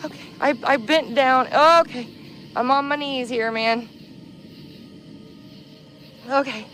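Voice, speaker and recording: A woman filming herself outdoors in dark woods at night on a handheld camera, talking to viewers in a frightened, pleading, panicky way and swearing. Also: high-pitched, takes it slowly, slight background noise. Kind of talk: frightened live commentary to viewers.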